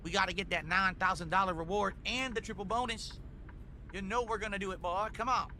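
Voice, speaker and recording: A man streaming a truck game while voicing a loud, boastful male Texan trucker in a put-on Texan drawl, calling everyone boy. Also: sits high, brisk, slight background noise. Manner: brash, folksy, keeps calling people boy.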